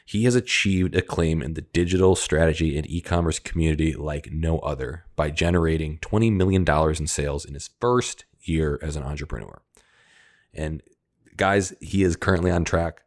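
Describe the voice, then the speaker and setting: A man hosting a podcast, introducing his guest with energetic, hype-building enthusiasm. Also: deep voice. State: out of breath. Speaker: podcast host. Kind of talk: podcast interview.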